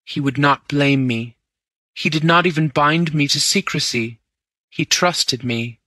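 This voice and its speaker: A man narrating a story in the first person, reading in a steady, measured way. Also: a little high, dry recording. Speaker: audiobook narrator.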